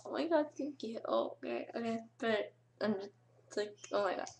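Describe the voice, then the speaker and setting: A woman's voice: a little high, moderate pace, creaky, slight background noise. A teenage girl thanking her subscribers in a casual vlog, gushing, giggly and close to tears. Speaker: vlogger.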